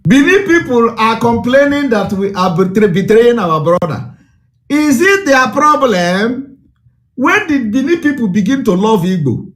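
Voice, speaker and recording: A man's voice: sits high, big pitch swings, moderate pace. A man with a Nigerian accent giving an impassioned broadcast address, fiery and declamatory with lots of repetition. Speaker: political broadcaster.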